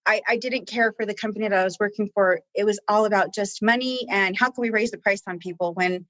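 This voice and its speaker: A woman's voice: mid-range voice, fairly even intonation, fast, fairly bright tone, no echo. A woman who talks with staff at a coaching office, telling stories in an earnest, heartfelt way and close to tears. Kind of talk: emotional conversational interview.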